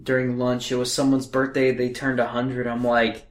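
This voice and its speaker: A man's voice: medium pitch, monotone, normal speed, hardly any pauses, reverberant. A man co-hosting a podcast in casual chat, laid-back, adding asides and short replies. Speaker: podcast co-host.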